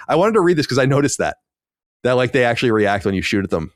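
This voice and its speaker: A podcast co-host with a medium-pitched, sing-song voice talks fast in casual chat, rambling with lots of restarts and fillers. The sound is clean studio quality with no echo.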